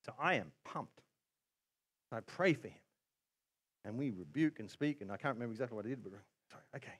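A man preaches from the pulpit, telling a personal story with animated asides and quoted voices. His voice sits in the middle range for a man. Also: mid-range voice, brisk. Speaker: pastor. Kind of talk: sermon.

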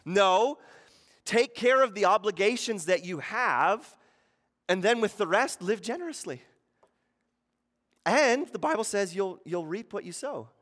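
Brief: fairly high-voiced man in his thirties, pastor giving a relaxed, conversational sermon with acted-out asides, recorded in a church with a long reverb tail. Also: a little slow, pauses often. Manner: conversational, asks the room "right?" often; acts out quoted voices with sudden shifts in pitch and loudness.

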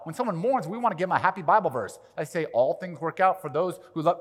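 A man preaching a sermon as pastor, animated, swinging from quiet to loud and acting out quoted prayers. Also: fairly high pitch, fast, hardly any pauses. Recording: long reverb of a large hall.

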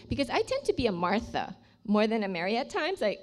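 A woman's voice: mid-range voice, sing-song, fast, few pauses. An older woman sharing a personal faith testimony in an earnest, heartfelt storytelling manner.

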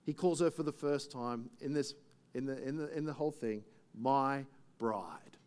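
A man's voice: fairly high pitch, fairly even intonation, a little fast, dark tone, smooth. Man preaching in a chatty, conversational way. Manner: conversational, asides and rhetorical questions. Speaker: pastor. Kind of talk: sermon.

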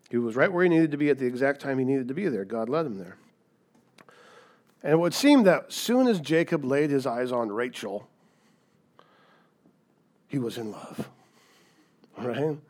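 A man preaching a sermon in a conversational, animated storytelling way, often checking in with "right?". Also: mid-range voice. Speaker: pastor.

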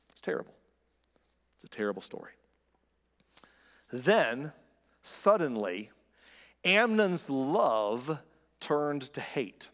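A man's voice: medium pitch, sing-song, slow, pauses often, fairly bright tone, long reverb tail. A man preaching a sermon in a conversational, impassioned way, speaking directly to his listeners. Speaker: pastor.

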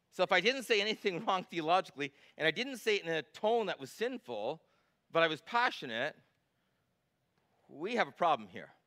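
A middle-aged pastor delivers a sermon in a strikingly high, bright and forceful voice. Passionate yet controlled, he hammers his points home with emphatic repetition and rhetorical questions.

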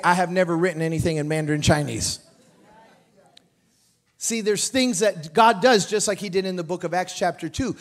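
High-voiced animated male revival preacher. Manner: animated, joking asides, rising to shouted emphasis. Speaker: pastor. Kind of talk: revival sermon. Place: church sanctuary.

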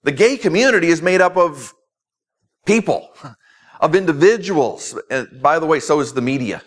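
A male pastor delivers a sermon in an earnest, emphatic way, stacking repeated phrases for weight. His voice sits somewhat higher than most men's. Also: lively intonation, normal speed. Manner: earnest preaching with emphatic repetition.

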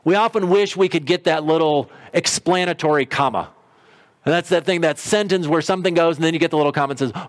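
A man's voice: a little high, expressive, brisk. A middle-aged man preaching a sermon in a conversational storytelling way, briefly acting out quotes. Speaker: pastor.

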